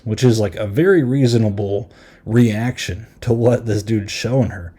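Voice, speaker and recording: A man hosting a podcast, casually recapping a horror film with lots of "like" and "um" and quick half-acted quotes. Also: mid-range voice, dark tone, husky. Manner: rambling, filler-heavy recap with frequent "like" and "um"; easily amused, retells scenes with quick half-acted quotes. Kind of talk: casual chat.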